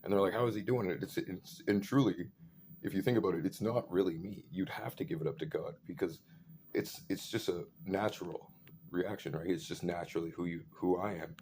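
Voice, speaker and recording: Profane rambling man, low voice. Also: a little fast, darkish tone, a little hiss or hum. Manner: profane, rambling, full of fillers. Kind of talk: rambling rant monologue.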